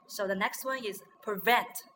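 Woman teacher with a Chinese accent, crisp bright tone, methodical drilling of English words. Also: mid-range voice, moderate pace, slight background noise, rough recording. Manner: repeats words after the guest and checks them. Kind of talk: bilingual pronunciation lesson.

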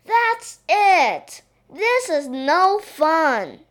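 A woman voicing a naughty little girl princess who plays pirate, pouty and excitable. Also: fairly high pitch, slow pace, full character voice. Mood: pouty excited.

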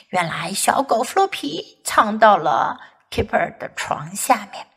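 A woman, a native Mandarin speaker, teaching English by reading a children's story aloud in slow, expressive storytelling. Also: mid-range voice, slightly rough. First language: Mandarin Chinese.

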